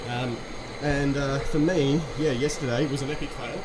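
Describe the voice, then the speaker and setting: Casual male streamer, friendly quizmaster energy, mid pitch, mid-workout, noisy room. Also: fairly even intonation, normal speed. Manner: chatty, upbeat, quizzing viewers. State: slightly out of breath from exercise. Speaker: live-stream host. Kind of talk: casual live-stream chat. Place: indoors on an exercise bike.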